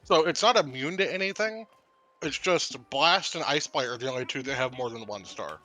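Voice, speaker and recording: A man's voice: medium pitch, expressive, normal speed, bright, forceful tone. A man playing a game with friends, casually explaining game details in a knowledgeable way. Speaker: co-player. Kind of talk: casual gaming chat.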